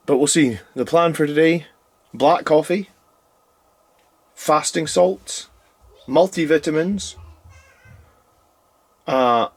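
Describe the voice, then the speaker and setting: A man in his thirties talks through a casual video diary, worn out and foggy after a long fast. He rambles along, keeps restarting his sentences and loses his thread in places. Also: mid-range voice, slightly rough. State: tired and foggy from fasting. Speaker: YouTube channel host.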